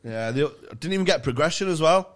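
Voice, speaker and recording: A man's voice: a little high, animated, fast talker. A male stand-up comedian, swearing freely as he tells a story in casual podcast chat.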